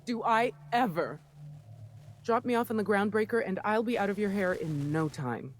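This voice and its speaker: A woman's voice: mid-range voice, animated, normal speed, a little hiss or hum, natural voice. A woman voicing a jittery young lab worker in hiding. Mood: relieved. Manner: breathless, grateful, rambling. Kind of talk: video game dialogue.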